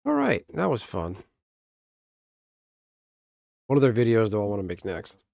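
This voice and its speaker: A man's voice: lowish voice, huge pitch swings, fast talker, vocal fry, darkish tone, no room sound, studio quality. Blunt young man chatting on stream. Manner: rambling, blunt, swears casually.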